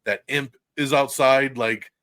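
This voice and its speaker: Excited man hosting a dry-sounding podcast. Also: medium pitch, takes it slowly, no echo. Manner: enthusiastic, swears freely, laughs often. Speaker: podcast host. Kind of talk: casual movie review chat. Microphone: podcast mic, recorded live for video stream.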